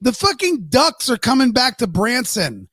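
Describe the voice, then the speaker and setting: A man's voice: very high-pitched, sing-song, normal speed, fairly bright tone, breathy edge, no echo. Male podcast co-host, ranty and profane, bone-dry close mic. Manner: ranting, swears freely. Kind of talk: casual live-stream chat.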